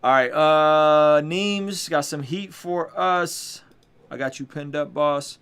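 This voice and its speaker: A man's voice: fairly high pitch, slow pace, fairly bright tone, clean tone. A man hosting a casual music review stream, talking in a hyped, slangy way to his chat. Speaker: music reviewer and show host. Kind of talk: casual livestream commentary. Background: hip hop beats playing.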